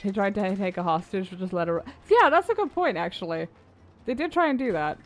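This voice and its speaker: A woman's voice: medium pitch, lively intonation, a little fast. A woman streaming a game, chatting casually and swearing freely between reading lines aloud.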